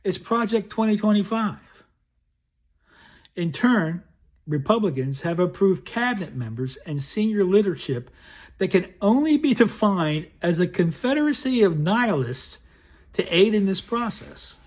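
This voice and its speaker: A man's voice: high-pitched, big pitch swings, measured pace, darkish tone. A man from the United States delivering a recorded political essay in a blunt, indignant and scornful way. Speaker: political commentator.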